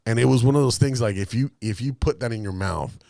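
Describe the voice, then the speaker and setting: A podcast co-host with a mid-range, creaky voice talks at a quick pace, telling a story in a casual, profane, animated way and acting out other people's lines. The recording is studio quality with no room sound.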